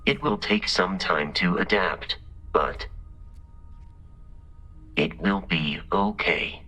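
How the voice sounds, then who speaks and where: Formal robot buddy, low and slow, gravelly bright tone. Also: male voice, full character voice, low-quality recording. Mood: analytical. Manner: formal, flat, precise phrasing. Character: polite robot companion, literal and analytical. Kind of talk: video game voice acting. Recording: game audio with faint music.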